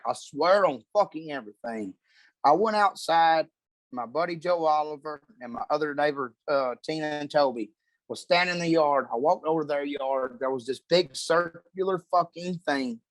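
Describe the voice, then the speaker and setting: A man's voice: a little high, no echo. A man, a podcast guest telling a story in a laid-back, heavily profane way. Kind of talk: casual storytelling.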